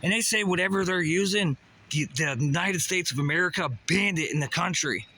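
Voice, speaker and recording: A man's voice: high-pitched, a little fast, sharp tone. A man ranting to camera in a heated way, swearing often and firing off rhetorical questions. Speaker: vlogger. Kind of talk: profane conspiracy rant to camera.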